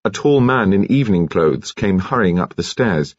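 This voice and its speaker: A man reads a mystery novel aloud in a measured, expressive way. His voice is low and husky, with lively intonation, and the recording is dry and a little muffled. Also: no room sound. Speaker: audiobook narrator. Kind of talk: scripted narration of a mystery novel.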